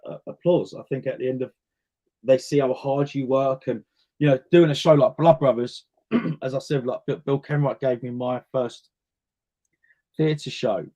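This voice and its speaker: In a casual interview, a chatty male guest, a singer and actor from North West London, tells stories as he answers. He speaks at a mid pitch for a man and often repeats words while he thinks.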